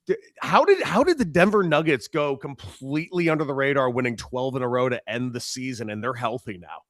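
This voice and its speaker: A man co-hosting a casual sports talk show, excitable and quick to laugh as he reads out items. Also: mid-range voice, no room sound, clean studio sound.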